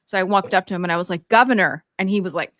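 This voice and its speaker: A woman's voice: fairly low pitch, little pitch movement, very fast, a bit bright, dry recording, studio quality. A woman co-hosting a casual political chat from New York, telling anecdotes and acting out quotes. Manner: storytelling, acts out quotes. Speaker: podcast co-host.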